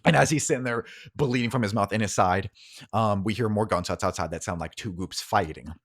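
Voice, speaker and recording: A man's voice: fairly low pitch, a little fast. A man narrating a tabletop role-playing game as game master, describing scenes vividly with frequent fillers.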